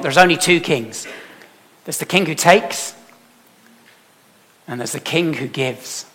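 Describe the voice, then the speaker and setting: A man preaching a sermon emphatically, putting rhetorical questions to his congregation and swinging from loud to soft. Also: medium pitch, a little slow, long pauses. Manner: emphatic, with dramatic swings in loudness. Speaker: pastor.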